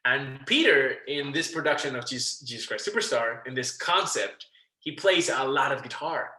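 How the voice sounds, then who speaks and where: A man guest on a casual interview podcast, telling a backstage story with lively acted-out quotes, swearing and laughing. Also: mid-range voice, moderate pace, reverberant, low-quality recording. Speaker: guest, musical theatre actor.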